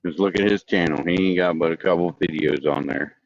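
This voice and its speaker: A man's voice: low voice, fast talker, dry recording. A man co-hosting a casual chat, blunt and grumbling, with a self-deprecating streak. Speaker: co-host. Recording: dull lo-fi sound.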